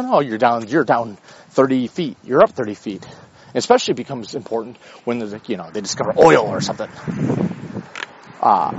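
A man's voice: fairly high pitch, husky, dull audio. An American man ranting in a casual, blunt and profane way about current affairs. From United States. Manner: profane, blunt, lively and opinionated. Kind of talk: casual rant.

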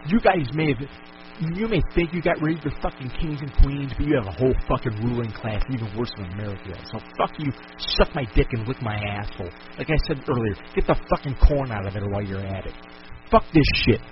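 A man's voice: mid-range voice, dull audio, slight background noise. A man hosting a podcast, delivering an angry solo rant full of profanity and furious outbursts. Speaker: podcast host.

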